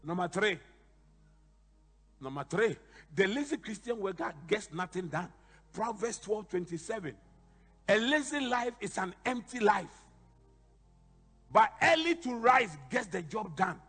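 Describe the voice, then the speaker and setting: A bishop preaching a sermon, telling animated stories with sudden shouted emphasis. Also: male voice, high voice, a little slow, pauses often, husky, long reverb tail, faint music behind.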